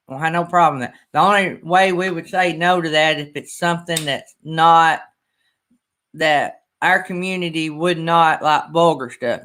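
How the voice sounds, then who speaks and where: Man, middle-aged, casual livestream host, rambling, emotional, slightly high, bright tone. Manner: rambling, folksy, emotional, near tears. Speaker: channel host.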